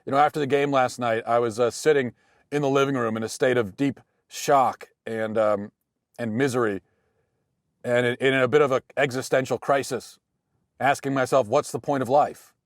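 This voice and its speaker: An American man in his thirties hosting a show, talking through a casual monologue with dry, deadpan humor and frequent restarts. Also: medium pitch, moderate pace, no room sound. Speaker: podcast host.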